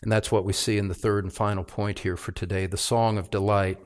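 A male pastor preaching a sermon, calling his listeners beloved and rising in pitch and volume on the points he stresses. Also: flat delivery. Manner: rises in pitch and volume for emphasis, slows on key phrases.

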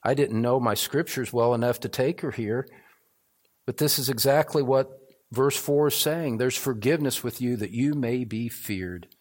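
A man's voice: mid-range voice, normal speed. An older man preaching a sermon as a pastor in an evening church service, earnest and building to emphatic repetition.

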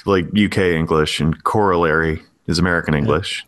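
A man co-hosting a podcast in casual chat, relaxed and musing, digging into trivia. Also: a bass voice, brisk. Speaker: podcast co-host.

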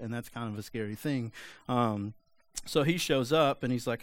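A man's voice: medium pitch, moderate pace. A male pastor giving a sermon in a casual, joking, conversational way.

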